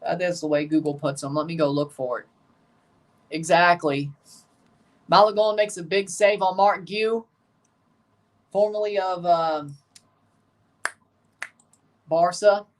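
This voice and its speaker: Woman host, lowish voice, opinionated running match reactions, mic set back a bit. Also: slow, long pauses, far from the mic. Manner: chatty, opinionated, reacts aloud to plays and rants. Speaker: livestream host. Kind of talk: live watchalong reaction commentary.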